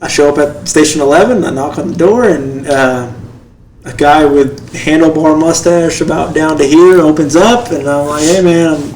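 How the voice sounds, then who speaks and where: A man tells a story on a podcast in his thirties, talking casually and acting out the lines of the people he met in quick little voices. His voice sits a touch high for a man, with a faint hiss of noise behind it. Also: roomy sound, rough recording. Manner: animated storyteller, acts out quotes in other voices. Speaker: podcast co-host, first responder.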